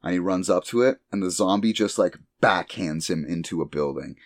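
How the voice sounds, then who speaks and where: A man co-hosting a casual chat, recapping a story with sudden high squeaky character voices. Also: brisk, no room sound, studio quality. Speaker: podcast co-host recapping an anime.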